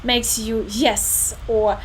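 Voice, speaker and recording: A woman's voice: a little high, flat delivery, extremely slow, slight background noise, low-quality recording. A woman hosting a podcast in English, her second language after Ukrainian, searching for words with many fillers. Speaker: podcast host, interviewer. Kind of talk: casual interview.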